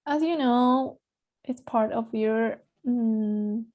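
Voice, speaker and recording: Drawing out her words in a high-ish voice, a woman leads an English class by video call, alternating English and Spanish and nudging students with constant "right?". The recording has its high frequencies cut off.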